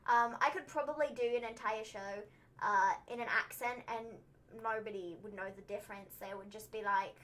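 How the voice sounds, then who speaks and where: A woman's voice: on the high side, fairly even intonation, brisk, a bit bright. A British woman co-hosting a casual livestream chat, playful and teasing, laughing often. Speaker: co-host of a wrestling livestream.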